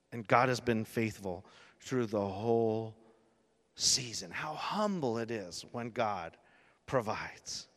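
A man's voice: medium pitch, bright, forceful tone. A male pastor giving a sermon, telling an emotional personal story and rising to emphatic peaks. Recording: long reverb of a church hall.

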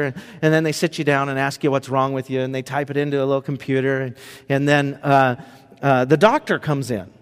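A man preaching in a relaxed, conversational way, telling a personal story with lots of fillers and acted asides. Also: medium pitch, clean tone. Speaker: pastor. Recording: long hall reverb.

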